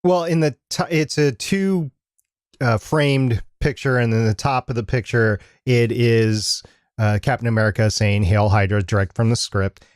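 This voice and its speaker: A man co-hosting a podcast, chatting casually and describing pictures with halting pauses. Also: medium pitch, clean tone, no room sound, clean studio sound. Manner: halting, lots of fillers when he describes things. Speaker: podcast co-host.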